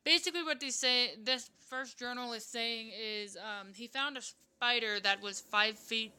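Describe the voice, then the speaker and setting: A woman's voice: on the high side, unhurried, smooth. A woman reading a text game aloud and chatting about it casually, often stumbling and correcting herself. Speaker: let's player. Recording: loud background noise, typing clicks.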